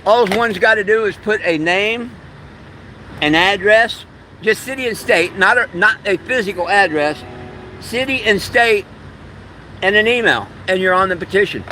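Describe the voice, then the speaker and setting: A man's voice: high voice, measured pace, pushed and bright, slight background noise. A middle-aged man hosting a live stream, reading chat comments aloud and trading insults with trolls. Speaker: livestream host.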